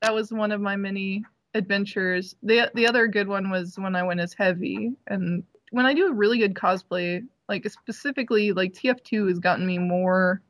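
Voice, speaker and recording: A young woman telling a story in casual chat, full of fillers and squealing high when she quotes herself. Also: moderate pace, few pauses, dry recording.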